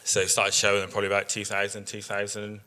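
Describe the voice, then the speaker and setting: A man's voice: on the low side, completely flat delivery, quick pace, sharp tone. A man in his thirties, a sheep breeder giving a chatty, story-filled workshop talk with slides and plenty of ums. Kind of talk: presentation with slides.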